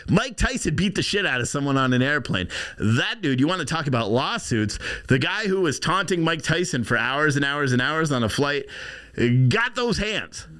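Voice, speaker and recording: Male podcast host, rambling and profane, pitch swinging widely. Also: normal speed. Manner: rambling, swearing, animated with laughs. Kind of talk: casual live-stream commentary.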